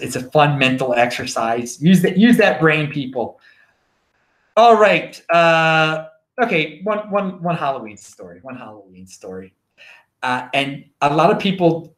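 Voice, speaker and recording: A man with a Baltimore accent hosting his own show, telling stories in a rambling, animated casual monologue. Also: mid-range voice, echoey room. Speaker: show host.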